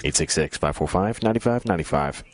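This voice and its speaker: A man with a very low voice reads a radio traffic report, brisk and matter-of-fact. Music runs clearly underneath. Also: animated. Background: music bed.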